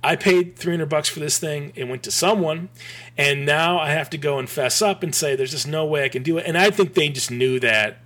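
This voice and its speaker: A middle-aged man from Michigan telling a long story on a podcast as a guest, rambling and animated, with many restarts and a few swears. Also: fairly high pitch, moderate pace. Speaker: podcast guest, graphic designer. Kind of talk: casual storytelling.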